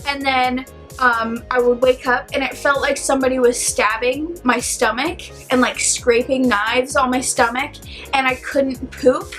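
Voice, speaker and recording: A young woman telling a personal story in a casual, animated vlog, saying "like" a lot. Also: high-pitched, unhurried, soft background music. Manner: chatty, animated, heavy use of "like". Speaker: vlogger.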